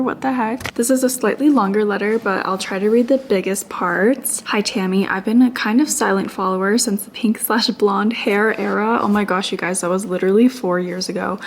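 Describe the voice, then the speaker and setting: A young woman artist vlogging as she opens fan mail, gushing and breaking into high excited exclamations. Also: vocal fry, slight background noise. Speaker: small business artist and vlogger. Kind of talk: casual vlog voice-over, opening fan mail.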